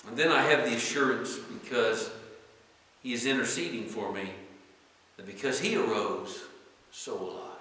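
A man preaching a sermon as a pastor, fervent, swinging between loud exclamations and hushed tones and repeating phrases with rising emphasis. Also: medium pitch, moderate pace, pauses often. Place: church sanctuary. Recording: echoey church hall with long reverb.

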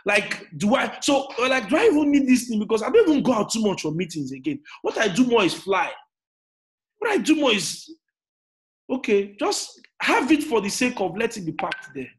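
High-voiced Nigerian man in his thirties. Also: very animated, moderate pace. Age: 30s. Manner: emphatic, repetitive, swings from quiet to shouting. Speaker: motivational speaker. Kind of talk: motivational talk. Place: indoors in an air-conditioned room.

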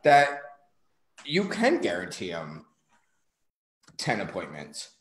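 A man's voice: low-pitched, huge pitch swings, slow, reverberant, poor audio. A man from New York talking casually on a livestream as co-host, blunt and swearing freely.

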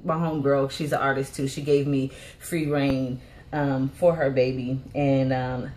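A woman with a notably low voice talks straight to her viewers in a relaxed, chatty vlog. She rambles, circles back often, and sounds openly fond of what she is showing. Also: measured pace, slight background noise. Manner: rambling and warm, frequent "um" and "but anyways"; affectionate, gushing over small details. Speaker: reborn doll artist showing a packed order.

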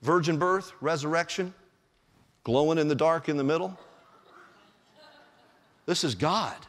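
A male pastor preaching a sermon in a church, telling the story in an animated way and chuckling often. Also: fairly high pitch, unhurried. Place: church sanctuary. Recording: long church reverb.

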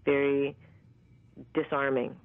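A woman in her fifties, an actress, telling stories in a candid, animated way with plenty of fillers and the odd swear word. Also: very deep voice, slow, dry recording. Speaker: actress and interview guest. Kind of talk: casual storytelling interview. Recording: tinny dry phone line.

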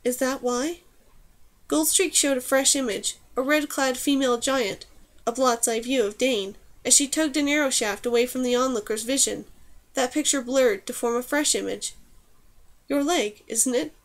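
A woman reading a fantasy novel aloud, her voice on the higher side. She narrates in a steady, even storytelling manner, clear and scripted. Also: moderate pace. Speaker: audiobook narrator.

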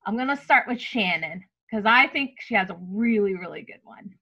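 A woman's voice: mid-range voice, animated, moderate pace, pushed and bright, husky. A woman hosting an online panel in an enthusiastic way, laughing often. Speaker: host.

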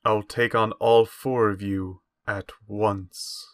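A huge, stoic brute who speaks deadpan and very slowly, with a lowish voice, as a man plays him in a tabletop game. His delivery is quietly menacing. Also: smooth, no echo. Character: huge stoic male brute, unmoving brother.

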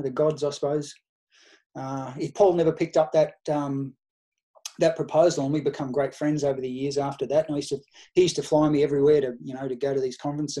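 Middle-aged aussie guy, quick talker, mellow voice, yarns through old stories quoting what people said. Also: mid-range voice. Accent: Australian. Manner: anecdotal, tells stories by quoting past conversations. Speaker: podcast guest, nutrition researcher and coach. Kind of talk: conversational storytelling.

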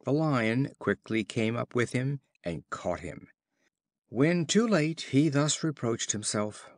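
Man reading fables aloud, slow and clear, lively pitch, dry close sound. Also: no room sound. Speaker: storyteller. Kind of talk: scripted fable narration for learners.

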